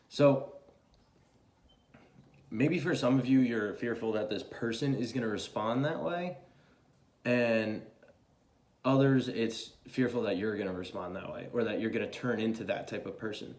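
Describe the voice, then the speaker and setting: A young man talks through a tarot reading in a relaxed, rambling way, cursing freely and circling back on his words. His voice sits at an ordinary middle pitch. The sound carries a noticeable room echo. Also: moderate pace, pauses often. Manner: loose and chatty, swears freely, many fillers. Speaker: tarot reader. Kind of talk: casual spoken tarot reading.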